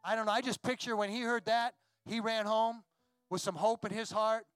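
High-voiced man preaching a story sermon. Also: steady tone, normal speed, fairly bright tone, clean tone, no echo. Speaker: pastor. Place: church.

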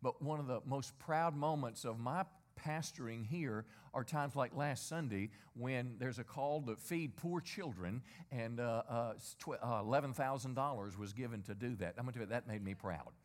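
A man's voice: medium pitch, moderate pace, few pauses. A middle-aged man preaching a sermon as a pastor. He speaks in a conversational way, asks many rhetorical questions and gets the congregation to repeat lines after him.

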